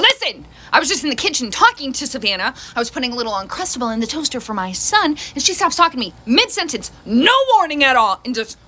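A middle-aged mom tells chatty family stories in a casual storytime, acting out her kids' voices. Her voice is high-pitched with a sharp tone, and faint background noise sits under the recording.

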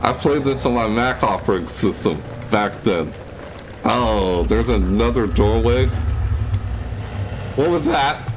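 A man's voice: slow pace, pauses often. Jumpy young man playing a horror game. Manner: jittery, scared, talks to himself; jumps into high yelps when startled. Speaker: gaming YouTuber. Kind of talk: horror game let's play commentary. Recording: steady background noise.

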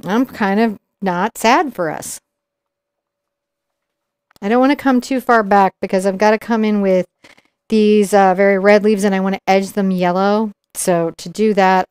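A woman's voice: mid-range voice, a little mellow, clean tone, no room sound, studio quality. Chatty woman teaching painting. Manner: chatty, explains while painting. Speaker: painting instructor. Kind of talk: live painting tutorial.

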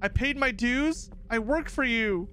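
A young man hosting a horror game playthrough, reacting excitably with shouts and laughs. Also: extremely high pitch, measured pace, a little hiss or hum. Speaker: gaming video host.

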